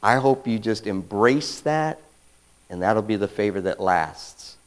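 A man preaching a conversational sermon as a pastor, swinging between quiet asides and loud emphatic bursts and acting out quotes. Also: lowish voice, lively intonation, unhurried, poor audio.

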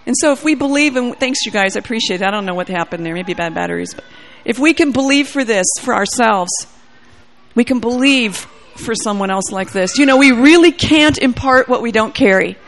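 A woman preacher shares a testimony before a church audience. Her voice sits a little high with a gravelly, creaky texture. She acts out the dialogue as she tells the story. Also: lively intonation, a little fast. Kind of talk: sermon testimony.

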